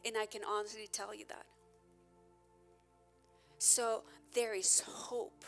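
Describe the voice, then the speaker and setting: A woman pastor preaching a candid, emphatic sermon, her loudness rising and falling as she presses her points. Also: mid-range voice, level tone, slow, gravelly, soft background music.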